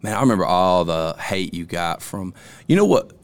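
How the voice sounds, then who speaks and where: A man's voice: sits low, lively intonation, normal speed. A man co-hosting a podcast in loose, profane banter, telling stories and joking, recorded on a studio microphone. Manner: loose, profane, jokey storytelling. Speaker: podcast co-host.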